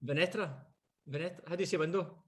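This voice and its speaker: A man's voice: fairly high pitch, fairly even intonation, fast talker, fairly bright tone. A Scottish man co-hosting a casual radio chat, trading joking, teasing banter. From Scotland.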